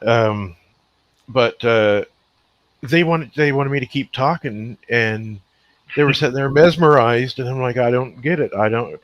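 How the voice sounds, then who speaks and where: A man's voice: medium pitch, a little slow. A man from Scotia, co-hosting a podcast in casual, rambling, stop-start chat. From Nova Scotia, Canada. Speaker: podcast co-host. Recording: dull lo-fi, dry.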